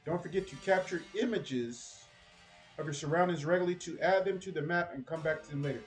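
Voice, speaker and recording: A man doing casual, excitable gameplay commentary as a streamer, chatty and cursing at enemies. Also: a little high, a little fast, soft background music. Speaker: gaming streamer.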